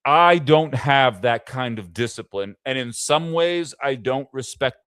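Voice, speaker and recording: Guy hosting a political commentary livestream, fired up, lots of rhetorical questions, smooth crisp voice, dry close sound. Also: mid-range voice, lively intonation, a little slow, fairly bright tone, no echo. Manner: impassioned, fires off rhetorical questions. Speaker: host of a political commentary show. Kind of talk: live-streamed political commentary.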